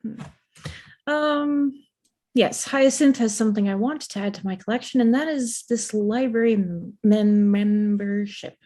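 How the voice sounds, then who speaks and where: Woman, tabletop player, playful, joking, somewhat high voice. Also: a little slow, dark tone. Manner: playful, laughing, self-deprecating asides. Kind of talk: casual tabletop game chat.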